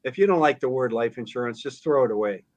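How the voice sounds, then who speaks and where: A man's voice: mid-range voice, expressive, quick pace, rough recording. Earnest middle-aged man as interview guest. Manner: earnest, plain-spoken, reflective. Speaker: guest, financial advisor. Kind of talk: conversational interview.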